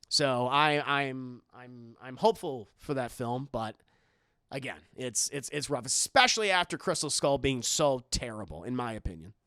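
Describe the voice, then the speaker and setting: A man's voice: medium pitch, bright, forceful tone, no echo, studio quality. A young adult man on a live stream, chatting casually and reacting to viewers' comments in a rambling way, often restarting his sentences.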